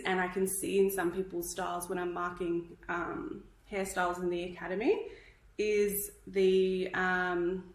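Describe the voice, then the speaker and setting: A woman's voice: mid-range voice, echoey room, poor audio. A woman from Australia teaching hairstyling in a live tutorial, chatty and instructive, a little out of breath. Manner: chatty, instructive, checks in with "okay?". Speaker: hairdressing educator.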